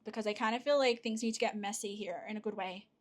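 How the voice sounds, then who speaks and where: A woman giving a pick-a-card tarot reading to her viewers, chatty and excitable, with frequent fillers and restarts. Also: mid-range voice, quick pace. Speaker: tarot reader.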